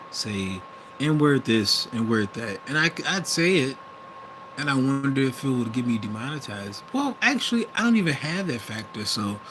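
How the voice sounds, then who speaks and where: A young man from the US Midwest with a Wisconsin accent, talking in a hesitant, rambling monologue full of restarts and self-corrections. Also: mid-range voice. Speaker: vlogger. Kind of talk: casual monologue. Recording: vehicle noise in the background.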